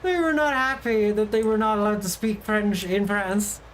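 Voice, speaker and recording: A woman's voice: medium pitch, moderate pace, slight background noise, rough recording. A woman streaming from her desk, telling travel stories in a casual, chatty way and laughing often. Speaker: VTuber streamer. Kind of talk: casual stream chat, storytelling.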